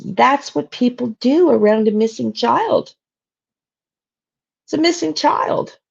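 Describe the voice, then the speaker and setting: A woman's voice: on the high side, animated, slow, gravelly, darkish tone, slightly rough, highs cut off. A woman hosting a true crime channel, ranting bluntly and angrily with plenty of profanity on a live stream. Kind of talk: live-stream soapbox rant.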